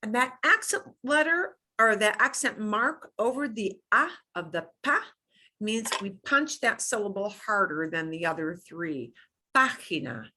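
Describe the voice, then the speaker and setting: A middle-aged woman teaching beginner Spanish, modeling each pronunciation slowly and clearly. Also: mid-range voice, animated, bright, forceful tone. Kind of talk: beginner language lesson.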